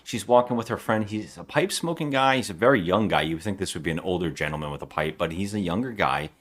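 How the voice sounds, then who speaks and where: A man's voice: low-pitched, lively intonation, fast, fairly bright tone. A man co-hosting a podcast, chatting about a horror movie and mimicking its lines with laughs. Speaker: podcast co-host. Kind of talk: casual movie review chat.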